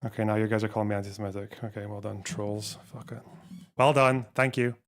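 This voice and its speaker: A man's voice: fairly low pitch, flat delivery, fast talker. A man streaming a live reaction, talking back at a video with profane, scornful sarcasm.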